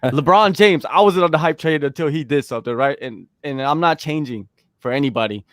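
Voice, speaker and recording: A man's voice: fairly high pitch, a little fast, dry recording, studio quality. Emphatic male sports talk host. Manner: emphatic, animated, peppers talk with "man". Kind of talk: casual sports talk chat.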